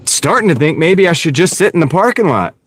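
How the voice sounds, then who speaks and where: This gig delivery driver's slightly high voice is very animated and a little fast as he streams live from his car. Road noise fills the background while he chats casually, cracks self-mocking jokes, and addresses people in chat by name.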